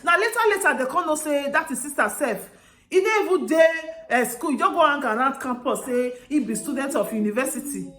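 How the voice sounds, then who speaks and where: A woman with a Nigerian Pidgin accent telling a story casually to her viewers, lively, acting out the people she quotes and often laughing. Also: high-pitched, brisk. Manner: animated, acts out quoted voices with laughter. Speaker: vlogger. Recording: roomy echo.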